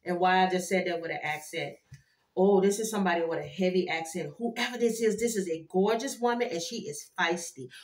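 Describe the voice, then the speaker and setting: A woman doing a casual tarot card reading for her viewers, animated and chatty, with frequent exclamations. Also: on the low side, fairly quick. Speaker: tarot reader. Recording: echoey room.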